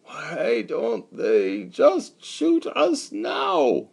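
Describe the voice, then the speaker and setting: A man's voice: fairly high pitch, sing-song, takes it slowly, vocal fry, pitched above the performer's own voice, heavily acted. A man voicing a once-strong older man, broken and despairing, who pleads in a faltering voice that sinks to a whisper.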